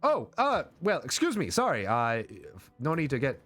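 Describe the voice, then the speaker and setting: A man's voice: a little high, huge pitch swings, normal speed, a bit bright, voice pushed up, exaggerated voice. A man voicing an eager, fumbling traveling merchant in a tabletop game, with hesitant sales patter full of ums. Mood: chirpy.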